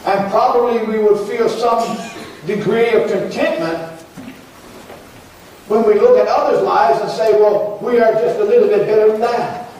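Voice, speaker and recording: A man preaching in church speaks at a moderate pace in a high, darkish voice. Earnest and repetitive, his sermon climbs into pleading prayers. The recording is distant and echoey, with faint ambience and a little hiss or hum.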